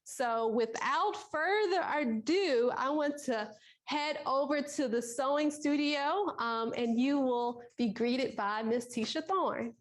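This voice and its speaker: High-pitched woman host, chatty intro for her partner, lots of ums. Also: slow pace. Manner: chatty, fond, with fillers. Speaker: event host. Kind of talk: introducing a guest instructor.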